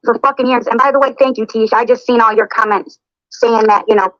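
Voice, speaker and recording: Woman, fairly high voice, angry and emotional, dull lo-fi stream audio. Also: steady tone, a little fast, a bit bright, no echo. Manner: upset, defensive, emotional. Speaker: livestream host. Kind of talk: heated livestream argument.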